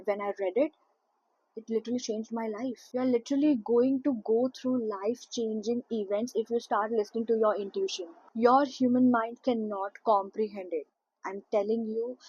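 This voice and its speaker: A woman's voice: medium pitch, a little mellow, breathy edge, no room sound, dull audio. A woman speaking earnestly to her audience about spiritual growth, emphatic and repetitive as she stresses each point. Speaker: spiritual content creator. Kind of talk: spiritual guidance talk to camera.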